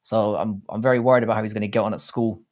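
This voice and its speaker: A man's voice: lowish voice, fairly even intonation, racing. A man in his thirties hosting a livestream watchalong, talking to chat in a blunt, profane, rambling way. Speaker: livestream host. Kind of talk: casual livestream watchalong commentary.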